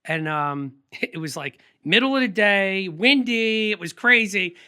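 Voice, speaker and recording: A man being interviewed about his photography work, telling quick, energetic anecdotes in a casual, rambling way. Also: high-pitched, clean tone. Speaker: guest photographer.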